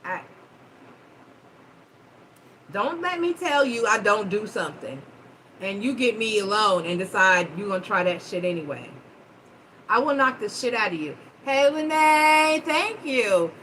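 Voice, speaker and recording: A woman hosting a live-stream chat, telling stories in a blunt, profane, animated way. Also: medium pitch, measured pace, pauses often, slight background noise, low-quality recording. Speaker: host.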